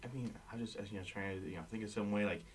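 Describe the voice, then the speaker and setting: A man's voice: lowish voice, racing, far from the mic, background noise. A man playing a tabletop game, talking hesitantly with many fillers. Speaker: player. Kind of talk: casual tabletop play.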